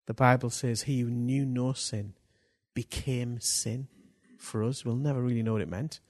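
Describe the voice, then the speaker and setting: A man preaching a sermon, swinging between hushed lines and loud, drawn-out bursts for emphasis. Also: mid-range voice, steady tone.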